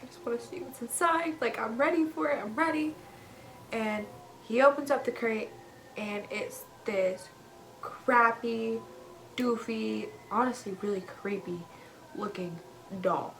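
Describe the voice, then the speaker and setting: A woman casually retelling a spooky story in an animated way, acting out the characters' quoted lines with lots of "he goes" and "like". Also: medium pitch, a little hiss or hum, poor audio.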